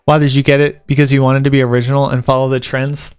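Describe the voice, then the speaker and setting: A man's voice: mid-range voice, little pitch movement, quick pace, clear, resonant tone, no room sound, studio quality. A man from the American South, a vlogger and tattoo apprentice, chatting casually to camera and reading article points aloud before riffing on them with jokes. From Southern United States. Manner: rambling and joking, reads article points aloud and riffs on them.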